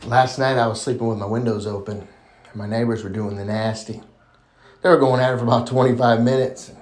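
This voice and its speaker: A man's voice: fairly even intonation, fairly quick, darkish tone, a little hiss or hum. A man telling dirty jokes in a casual way and laughing at his own punchlines. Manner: chuckling, breaks into high laughter. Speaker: comedian.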